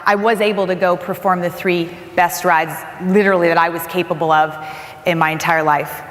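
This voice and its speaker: A woman's voice: fairly low pitch, fairly quick, a little hiss or hum. Woman giving a keynote in an echoey hall. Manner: earnest storytelling, animated retelling. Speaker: keynote speaker. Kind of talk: motivational keynote speech. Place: large conference hall.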